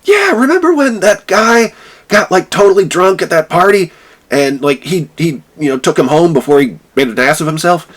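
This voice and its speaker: Eager, gushing vice president, put on by a man; high, bouncy and a bit off-mic. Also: moderate pace. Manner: high, animated exclaiming.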